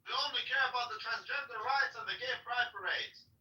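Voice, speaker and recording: A man's voice: very high-pitched, fast talker, pushed and bright. A man taunting others crudely in a casual audio chat. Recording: roomy, distant app audio.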